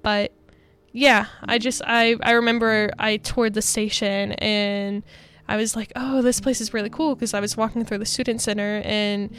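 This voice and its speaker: A woman's voice: mid-range voice, little pitch movement, unhurried, a bit bright. A young woman, a college radio DJ, giving rambling, earnest on-air thank-yous full of fillers into a studio microphone. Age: young adult.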